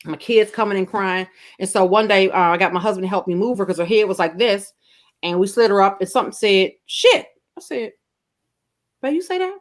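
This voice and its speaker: Fast-talking, outspoken middle-aged woman. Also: mid-range voice, steady tone. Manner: candid, profane, emotional storytelling. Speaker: podcast guest co-host. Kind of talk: casual chat.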